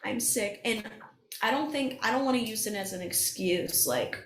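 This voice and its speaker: A woman's voice: a little high, moderate pace. A young woman, a singing contestant, chatting casually as a podcast guest and acting out what people said, with plenty of laughs. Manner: animated storytelling, acts out quotes, laughs often. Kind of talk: casual chat. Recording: roomy echo.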